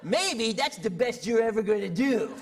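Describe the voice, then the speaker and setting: A man voicing a sneering male inner voice of self-doubt that mocks and belittles, heard from far away with a loud audience. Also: high-pitched, animated, moderate pace, very noisy. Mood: mocking. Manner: mocking, belittling. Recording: distant stage mic, loud audience.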